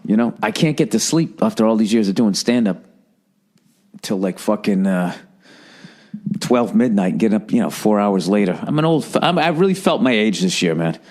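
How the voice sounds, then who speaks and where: A man's voice: lowish voice, expressive, moderate pace, a little mellow. A middle-aged man with a Boston accent hosting his own podcast, telling a story in a rambling, profane, casual monologue. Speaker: podcast host.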